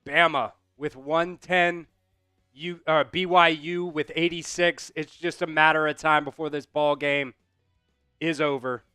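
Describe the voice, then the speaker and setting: A man calling a basketball game as an excited fan host on a live stream, out of breath from doing squats. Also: on the high side, measured pace, clean tone, no echo, studio quality, soft background music. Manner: rowdy, chanting and yelling in celebration.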